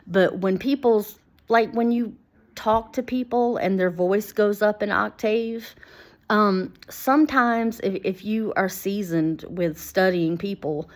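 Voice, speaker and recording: A woman with a slightly low voice talks straight to her viewers, exasperated and circling back on herself. She stumbles through restarts and fillers, then reads out screenshot text in a plainer tone. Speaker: vlogger. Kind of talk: rambling casual monologue, reading screenshots aloud.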